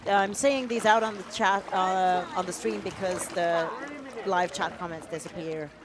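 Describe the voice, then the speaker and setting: A woman's voice: fairly low pitch, fairly even intonation, a little slow. Chatty woman commentating live from a boat. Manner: chatty, encouraging, reads out chat names. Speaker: livestream commentator. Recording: noisy boat deck ambience.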